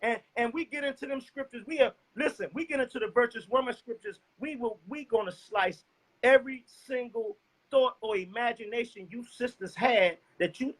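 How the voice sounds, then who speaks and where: Man, fiery street sermon, profane, very high voice, preachy. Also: a bit bright, poor audio. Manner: directs the scripture reader.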